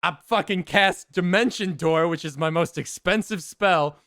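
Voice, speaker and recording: A man streamer excitedly telling a tabletop game story to his chat, swearing and laughing often. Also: sits high, unhurried, no echo, clean studio sound.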